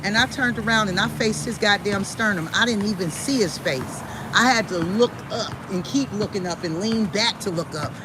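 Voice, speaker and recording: Woman, live-stream host, casual storytelling, blunt, cussing, animated, background noise, passing traffic. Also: medium pitch, normal speed, few pauses. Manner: blunt, profane and animated, often laughing. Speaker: psychic reader hosting a live stream.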